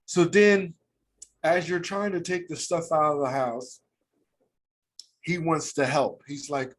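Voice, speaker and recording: A man's voice: fairly high pitch, unhurried, pauses often, a little hiss or hum. A man with an American accent, co-hosting a podcast and telling a heartfelt work story in casual, slangy chat. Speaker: podcast co-host.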